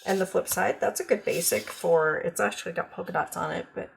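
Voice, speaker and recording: A woman's voice: lowish voice, fairly even intonation, a little fast, gravelly, a little hiss or hum. A woman demonstrating craft products in a casual, chatty show-and-tell, full of ums and gushing over cute designs.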